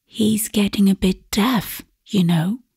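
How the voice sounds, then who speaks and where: A woman voicing a gentle, fussy middle-aged aunt in a storybook reading, speaking brightly. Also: medium pitch, takes it slowly, gravelly, breathy edge, no echo, studio quality, full character voice. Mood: coaxing.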